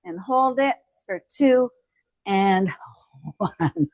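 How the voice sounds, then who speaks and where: An encouraging female trainer cues each move of a home strength workout and keeps cheering the viewer on. Her animated voice sits at medium pitch with a slightly dark tone and a slow pace, recorded without echo.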